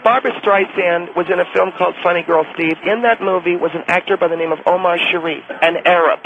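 A man voicing a smug middle-aged male phone-in guest who teases and needles the caller, with a gravelly, creaky voice. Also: high voice, fairly even intonation, brisk, slight background noise, pitched above the performer's own voice. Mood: needling. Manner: snide, teasing. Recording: tinny phone line.

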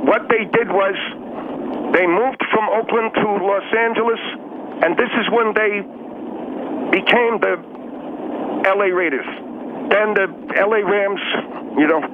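A man's voice: sits high, a little slow, pauses often, pitched above the performer's own voice. A man voicing a stubborn, condescending middle-aged male caller with a North Dakota accent, speaking over a phone line. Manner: condescending, testy, evasive. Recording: tinny phone line with hiss.

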